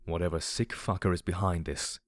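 A man reading an audiobook voices a timid, clever young male pony who speaks softly and gently. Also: sits low, fairly even intonation, a little fast, no echo, clean studio sound, close to an everyday voice. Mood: frightened. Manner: soft-spoken and gentle.

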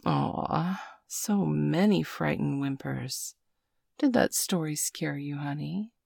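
Woman, whispered role-play, very deep voice, gravelly, coaxing and teasing, dry close mic. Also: darkish tone, no room sound. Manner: slow, coaxing, teasing, full of pet names. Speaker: audio role-play performer.

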